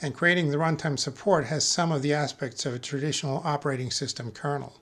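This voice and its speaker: A man giving a technical lecture as a conference speaker, measured and careful, pausing often with fillers and correcting himself mid-word. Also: fairly high pitch, steady tone, fairly bright tone. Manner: measured, with frequent filler pauses and self-corrections.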